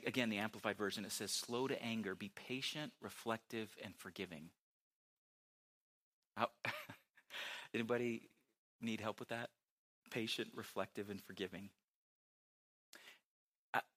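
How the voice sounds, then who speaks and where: Bright-voiced man preaching conversationally. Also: medium pitch. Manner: chatty, self-correcting, laughs at himself. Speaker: pastor. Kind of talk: conversational sermon.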